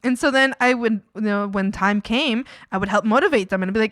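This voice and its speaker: A woman streaming while she works on art, telling stories in a casual, animated way, acting out quotes and laughing often. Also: fairly high pitch, a little fast, hardly any pauses, no room sound, studio quality. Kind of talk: casual chat while drawing.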